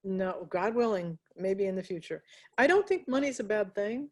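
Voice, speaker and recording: An American woman answers interview questions in an unhurried, reflective way. She stops often, restarts her sentences and fills the gaps with small fillers. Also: medium pitch, animated, darkish tone. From United States. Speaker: interviewee, graphic novelist. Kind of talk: casual interview conversation.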